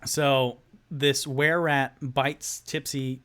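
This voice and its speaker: A man running a solo tabletop game on a live stream, narrating and talking through dice rolls with excitable asides. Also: mid-range voice, slow pace, smooth. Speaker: game master.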